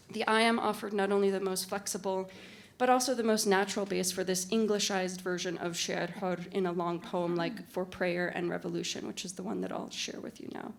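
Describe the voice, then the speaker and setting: A woman delivers a conference talk as a literary translator. She reads from prepared text in a measured, articulate way, at an ordinary mid-range pitch, with the odd "uh" or "um" in between. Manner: measured, articulate reading with occasional fillers. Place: university conference room.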